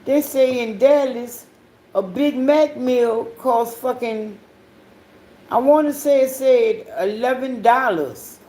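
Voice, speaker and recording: A woman hosting her own podcast, telling rambling, profanity-heavy stories in a casual monologue, swinging between loud outbursts and low mutters. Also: slow pace. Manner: profane, rambling storytelling with frequent swearing. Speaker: podcast host.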